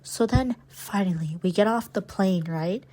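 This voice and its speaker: Young woman co-host, animated, swears a lot, dramatic casual storytelling. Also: mid-range voice, a little slow. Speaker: podcast co-host.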